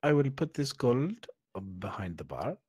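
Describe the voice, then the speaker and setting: Boastful Viking-accented adventurer, played by a man, halting and flirty, lively husky voice. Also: medium pitch. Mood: generous.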